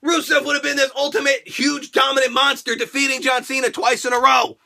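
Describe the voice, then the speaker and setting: High, bright, excitable male ranter. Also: brisk, vocal fry. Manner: excitable, crude, shouting rants. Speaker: host. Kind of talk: casual profane wrestling review.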